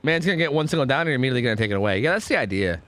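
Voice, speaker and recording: Lively young male game streamer. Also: mid-range voice, very fast. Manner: rambling, swears a lot, swings between groans and excited outbursts. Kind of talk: live gameplay commentary.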